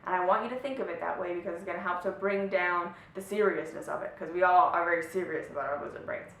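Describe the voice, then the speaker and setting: A woman's voice: fast talker, vocal fry, a bit bright. A woman giving a motivational self-help talk to camera, earnest and often checking in with "right?" and "okay?". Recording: echoey room, slightly distant mic, faint rumble.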